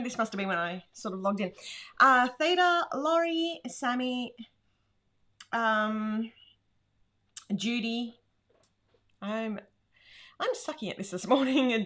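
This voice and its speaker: A woman's voice: a little high, sharp tone. An Australian woman hosting a casual livestream from home, chatty and laughing often as she greets viewers by name. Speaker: livestream host. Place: home room.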